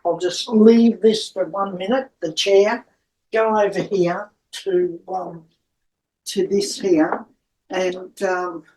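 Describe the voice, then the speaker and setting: A woman with a soft, warm voice gives a spiritual reading in an unhurried, wandering way. She speaks affectionately to her listeners and calls them her darlings. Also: lowish voice, steady tone, low-quality recording. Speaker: psychic tarot reader.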